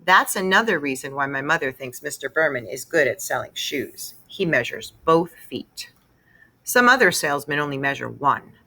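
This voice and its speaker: A woman reading a children's novel aloud, expressive and storytelling. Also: low-pitched, moderate pace. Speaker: read-aloud narrator.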